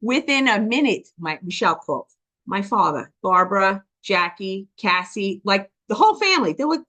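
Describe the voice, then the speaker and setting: A woman giving a personal testimony, talking quickly and passionately, often checking in with "okay?" and acting out voices as she tells her story. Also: medium pitch. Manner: animated storytelling with quoted dialogue. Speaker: business testimony speaker.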